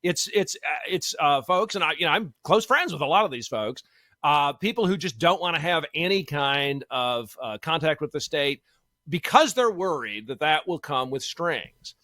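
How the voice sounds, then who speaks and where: A man talks as a guest on a radio show. His voice is bright, forceful and fairly high, and he thinks aloud with many fillers and restarts. The sound is dry and close. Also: sing-song, moderate pace, no echo. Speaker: law professor guest. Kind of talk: casual radio interview. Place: radio studio.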